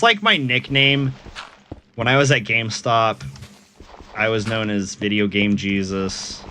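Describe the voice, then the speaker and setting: A man's voice: fairly low pitch, pushed and bright, slight background noise. A man streaming a game and chatting casually with viewers, laid-back, swearing freely and often laughing.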